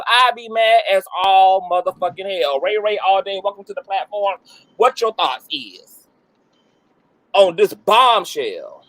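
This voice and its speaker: A man's voice: high voice, expressive, measured pace, a bit bright, dry recording. A man hosting a livestream, talking in a dramatic, exclaiming way with lots of slang. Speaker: livestream host. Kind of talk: animated gossip livestream.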